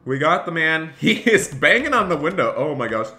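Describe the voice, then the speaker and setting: A man's voice: fairly high pitch, very animated, moderate pace, hardly any pauses, pushed and bright. A man streaming a game live, cheerfully thanking donors and barking mock police orders as he role-plays a cop. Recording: echoey room, faint noise.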